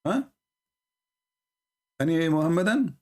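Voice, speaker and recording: A middle-aged man from the Middle East, hosting a live stream with a sarcastic, teasing monologue and drawn-out exclamations. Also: on the high side, lively intonation.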